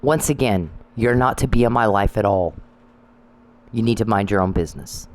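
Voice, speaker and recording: A man's voice: fairly low pitch, normal speed, slight background noise, rough recording. A man delivering an angry, profane monologue that scolds people he addresses. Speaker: commentary channel host.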